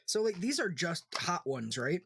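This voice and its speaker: A man co-hosting a casual podcast chat, relaxed, laughing often and trailing off into restarts. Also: high voice, moderate pace, vocal fry, slight background noise. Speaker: podcast co-host.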